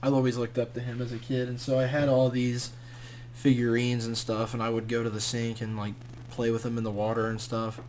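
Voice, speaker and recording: A young man co-hosting a podcast in casual chat, relaxed and agreeable, chiming in briefly. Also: mid-range voice, fairly quick, a crowd in the background. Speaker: co-host.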